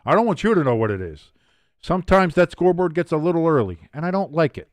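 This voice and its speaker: A young man calling the action for a live watch-along stream, his voice sitting a touch higher than most men's. The sound is close and dry with no room around it. He slips into loose asides with his viewers, then shoots up with excitement on the big plays. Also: quick pace, no room sound. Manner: chatty asides, reading out viewer comments. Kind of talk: casual play-by-play commentary.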